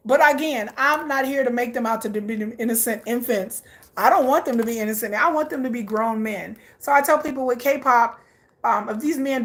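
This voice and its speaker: Excitable woman gushing in casual chat. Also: a little high. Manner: chatty and excitable, gushing, laughs often; reacts aloud to viewer comments. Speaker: K-pop vlogger.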